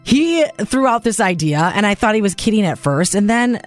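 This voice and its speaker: A woman's voice: mid-range voice, very animated, normal speed. Woman radio host telling a personal story, earnest, bit of music in the back. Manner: earnest and personal, recounting at length. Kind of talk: casual radio chat.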